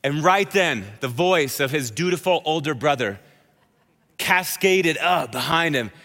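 A man in his thirties preaching a sermon to a live congregation, telling a personal story in a conversational, animated way. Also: a little high, measured pace. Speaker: pastor. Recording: hall reverb.

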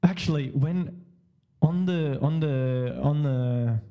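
A man's voice: on the high side, slow pace, dark tone, clean tone. A man hosting a podcast, telling a story casually in a rambling, repetitive way, laughing often and swearing freely. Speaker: podcast host.

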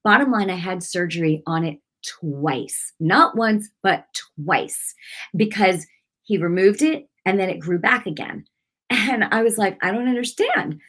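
A woman telling a personal testimony to a congregation, emphatic and chatty, swinging from hushed to loud. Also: medium pitch. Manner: casual with many fillers like "like". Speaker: speaker giving a testimony.

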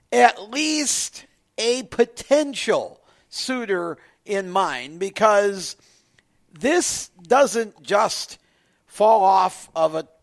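Slow, emphatic high-voiced male co-host. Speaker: radio co-host. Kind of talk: opinionated sports radio talk. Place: radio studio.

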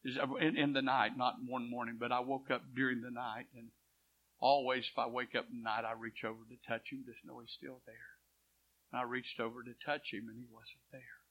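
A man preaching a sermon. He tells a story and swings from hushed quotes to loud swells. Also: medium pitch. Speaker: pastor. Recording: dull lo-fi church recording.

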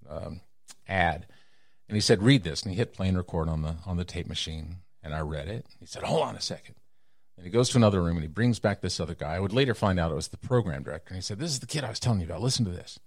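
Middle-aged Texan man, low voice, dry close mic, animated storyteller who acts out other people's lines. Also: no room sound. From Texas. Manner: animated, acts out quoted voices with big pitch jumps. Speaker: guest storyteller. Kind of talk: casual storytelling interview.

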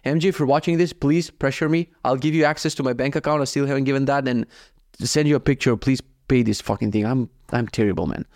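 A young man from Croatia rattles through his day at a quick clip, swearing freely. He acts out both sides of every conversation in an animated podcast monologue, with his voice sitting at an ordinary middle pitch. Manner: profane, animated, acts out his own dialogue. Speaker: podcast host. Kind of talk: casual storytelling monologue.

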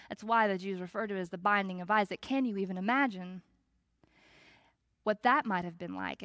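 A woman pastor giving a reflective, conversational sermon with measured pauses. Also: mid-range voice, no room sound.

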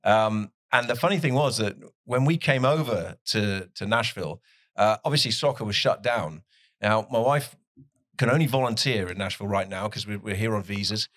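A man's voice: fairly low pitch, normal speed, a bit bright, no echo, studio quality. A man with a southwest English accent, a soccer commentator chatting on a podcast, rambling and laughing often. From southwest England. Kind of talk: casual podcast chat.

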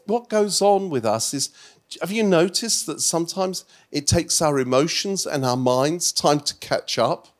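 Animated male preacher with restarts. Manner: animated storytelling preacher, acts out Bible dialogue with rising pitch; frequent restarts and stammered repeats. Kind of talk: sermon.

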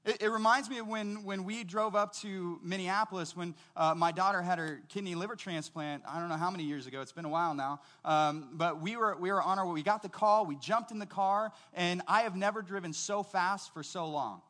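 Middle-aged man, pastor, sermon, high-pitched voice, conversational, storytelling. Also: fairly quick, hardly any pauses, bright, forceful tone.

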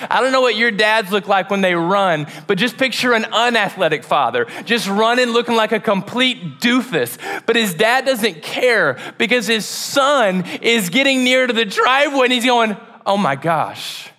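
Bright, animated high-voiced male pastor. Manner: animated, casual slang, acts out stories. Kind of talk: sermon.

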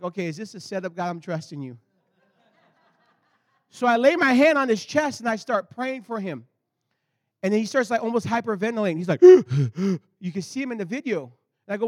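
High-voiced man preaching with fiery swings. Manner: animated, swinging from loud bursts to low intensity. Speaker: pastor. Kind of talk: sermon with storytelling.

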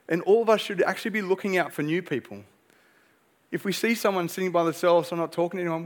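A young man preaches a sermon as a pastor, earnest and emphatic, driving his points home with rhetorical questions. His voice sits high.

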